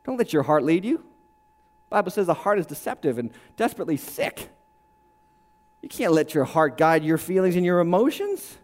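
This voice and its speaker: High-voiced preacher, swinging loud and soft. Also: male voice, sing-song, normal speed. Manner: dramatic, acts out voices, shifts between shouting and hushed. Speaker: pastor. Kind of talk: sermon.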